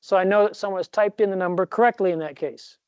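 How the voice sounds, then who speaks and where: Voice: medium pitch, steady tone, rapid-fire, darkish tone, smooth. A professor talks through a classroom lecture in a loose, rambling way, often correcting himself and tossing in small jokes. The sound is dry and close, with no room echo. The recording is dull and lo-fi. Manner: rambling, self-correcting, jokey asides.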